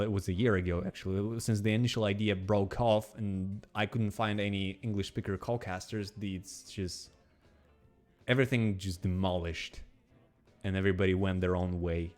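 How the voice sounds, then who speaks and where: A man with a Russian accent, speaking English as a second language and co-hosting a casual chat, meandering and halting as he explains things. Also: lowish voice, steady tone, soft background music. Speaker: podcast co-host.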